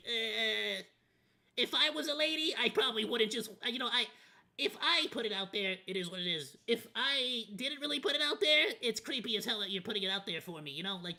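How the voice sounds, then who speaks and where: A man's voice: very high voice, sharp tone. A man streaming a watch party, rambling through casual commentary in a candid, loosely profane way. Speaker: VTuber streamer.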